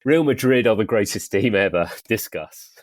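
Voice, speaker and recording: A man hosting a football podcast in casual chat, laughing often. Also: moderate pace. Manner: chatty, laughs often, lively rises and drops in pitch. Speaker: podcast host.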